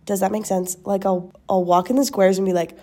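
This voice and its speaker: A woman's voice: medium pitch, level tone, brisk, mellow. A young woman hosting a podcast, rambling casually and laughing at herself. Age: young adult. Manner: rambling, self-deprecating, laughs often. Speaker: podcast host. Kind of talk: casual chat.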